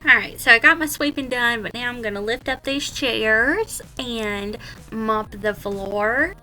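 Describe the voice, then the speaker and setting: Woman vlogger, giggly and chatty, bright voice, faint music under her. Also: on the high side, measured pace. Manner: chatty, giggly, self-mocking. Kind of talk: casual voice-over chat.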